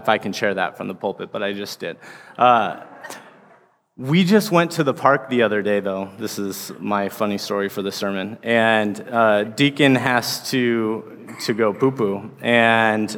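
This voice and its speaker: Preaching in a church sanctuary whose big hall leaves a long reverb, this thirtysomething associate pastor speaks on the low side with a fairly bright tone. His sermon is casual and rambling, packed with fillers.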